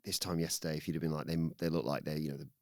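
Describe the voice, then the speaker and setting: Man recapping wrestling, animated. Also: rumbling low, racing, no echo, clean studio sound. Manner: animated, acts out wrestlers' lines in raised voices. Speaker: podcast co-host. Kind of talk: casual recap of a wrestling show.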